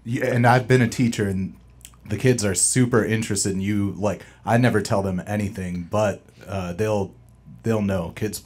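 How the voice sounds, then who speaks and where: A man who used to teach, speaking calmly and reflectively in casual chat. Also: on the low side, moderate pace. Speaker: guest, former teacher.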